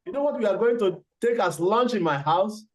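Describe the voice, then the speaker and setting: A man's voice: high-pitched, lively intonation, a little fast. A man putting on a sly gloating crocodile. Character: scheming hungry male crocodile.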